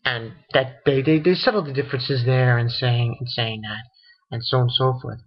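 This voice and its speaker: A man talks through an anime episode in a casual, rambling way, restarting his sentences often. His voice is husky and of middle pitch. The recording sounds dull and lo-fi. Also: steady tone, moderate pace. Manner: rambling, many restarts and fillers. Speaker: anime reviewer. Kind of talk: casual spoken review.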